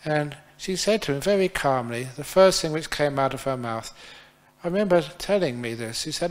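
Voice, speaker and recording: A man's voice: a little high, animated, moderate pace. A man, a Buddhist monk teacher, giving a dharma talk and telling stories in a chatty, playful way. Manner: chatty, playful, laughs often. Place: temple hall.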